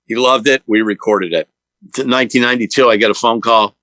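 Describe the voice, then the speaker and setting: A man telling a story as a guitarist guest, animated and rambling as he retells old conversations. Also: medium pitch, brisk, dry recording, poor audio. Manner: loose and rambling, with fillers and restarts.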